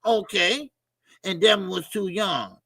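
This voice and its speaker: A middle-aged man hosts a boxing livestream, high-pitched and gravelly with a bright, forceful edge. He rambles in a loose, profane way, laughs easily and shouts out viewers by name. The sound is dry and close. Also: a little slow, no echo. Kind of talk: casual livestream chat.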